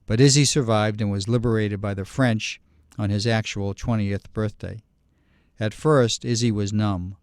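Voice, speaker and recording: A man giving measured, scripted documentary narration. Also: on the low side, fairly even intonation, darkish tone, dry recording, clean studio sound.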